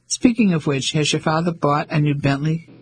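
A man's voice: on the high side, steady tone, a little hiss or hum, lightly acted, low-quality recording. A man doing a spirited English woman. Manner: brisk, spirited, dry.

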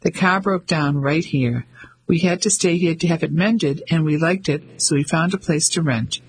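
A man voicing a lively, warm middle-aged woman who speaks briskly and cheerfully. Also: fairly high pitch, slightly rough, rough recording.

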